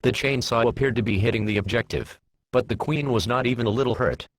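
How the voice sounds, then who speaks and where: A man narrating a fan fiction story in a plain, steady reading voice. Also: medium pitch, fast, slight background noise.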